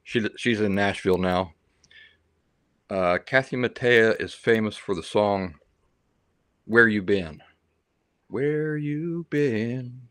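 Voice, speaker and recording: A man's voice: fairly low pitch, slow pace, long pauses, a bit bright, clean tone, no room sound, clean studio sound. A man hosting a livestream, telling stories in a rambling, chatty way and reading out viewer comments. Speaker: livestream host. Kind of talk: casual livestream chat.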